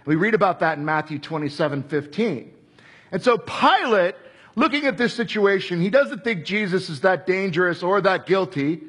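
A man preaching a sermon, retelling the story with animated delivery and acting out the voices he quotes. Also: high voice, normal speed, husky.

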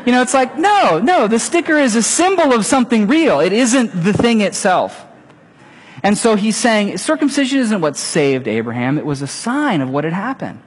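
Long hall reverb surrounds a middle-aged pastor as he preaches, animatedly telling stories and voicing little characters. His voice is high with a breathy edge, and he keeps a moderate pace.

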